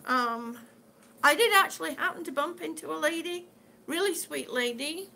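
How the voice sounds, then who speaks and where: A woman's voice: sits high, animated, normal speed, gravelly, pushed and bright, a little hiss or hum. A middle-aged woman chatting casually on her live stream, rambling and answering viewers' comments as she goes. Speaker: vlogger living with lung disease.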